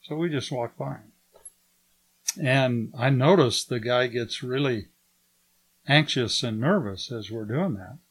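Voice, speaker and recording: Older man, testimony storytelling, lively, acts out dialogue, mid-pitched voice. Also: slow pace, pauses often, husky. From United States. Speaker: guest giving a testimony.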